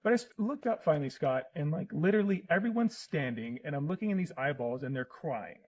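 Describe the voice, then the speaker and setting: A man's voice: on the high side, animated, fast, dull audio. A middle-aged man in casual conversation as a podcast guest, telling personal stories in an earnest, emotional way.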